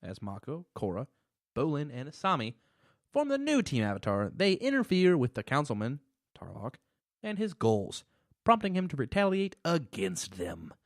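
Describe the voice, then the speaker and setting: A man co-hosting a casual podcast about a cartoon series, grumbling and teasing in a deadpan way. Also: medium pitch, moderate pace, dry recording, clean studio sound. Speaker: podcast co-host.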